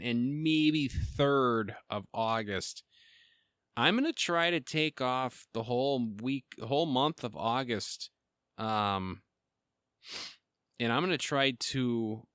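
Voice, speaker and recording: A middle-aged man chatting on his own podcast, rambling from thought to thought with plenty of ums and self-deprecating asides. His voice is bright and crisp. The sound is dry and close, with heavy breathing between phrases. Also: mid-range voice, dry recording. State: breathing heavily. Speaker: podcast host. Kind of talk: casual solo podcast chat.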